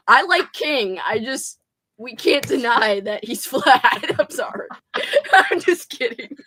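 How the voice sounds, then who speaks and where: A woman's voice: a little high, wildly swooping pitch, slow, pushed and bright, breathy edge. A woman hosting a casual livestream, giggling and laughing so hard she cries as she chats. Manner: giggly, laughing through tears. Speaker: host.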